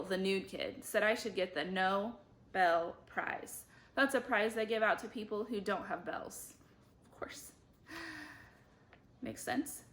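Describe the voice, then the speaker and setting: A book club reader, a woman with a medium-pitched voice, reads a children's chapter book aloud with lively energy. Her voice jumps widely as she plays the children and the teachers.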